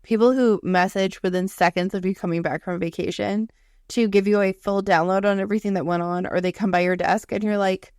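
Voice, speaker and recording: A woman's voice: medium pitch, fairly even intonation, brisk, a little mellow, no echo, clean studio sound. Blunt, swearing young woman podcaster. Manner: blunt and profane, acting out coworkers' lines. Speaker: podcast co-host. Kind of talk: casual chat.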